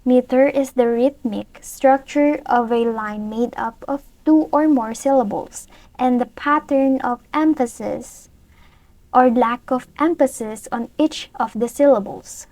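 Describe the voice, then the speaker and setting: A woman's voice: on the high side, a little slow, a little mellow, no echo, low-quality recording. A woman reading a prepared lesson aloud in a careful way, sometimes restarting a word.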